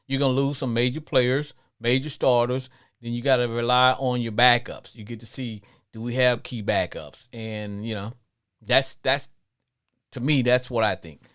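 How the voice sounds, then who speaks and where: A man's voice: mid-range voice, fairly even intonation, normal speed, a bit bright, smooth. A man hosting a sports talk show, chatting casually and repeating words while he thinks. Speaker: radio show host.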